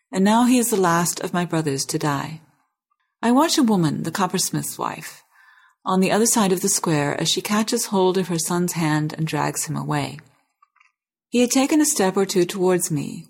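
Low-voiced woman reading and hosting. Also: a little mellow. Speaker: interview host and reader. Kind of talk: reading a novel excerpt aloud.

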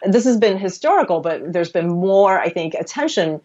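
An American woman speaking in a conversational interview as an author, animated, laughing often and restarting her phrases. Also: on the low side, normal speed, muffled recording.

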